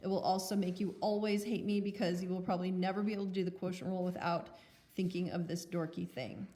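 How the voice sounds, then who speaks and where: A woman's voice: on the low side, flat delivery, fast, dark tone. A woman teaching math in a recorded lecture, chatty and playful, poking fun at herself with filler ums. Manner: chatty, playful, self-mocking. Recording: roomy echo.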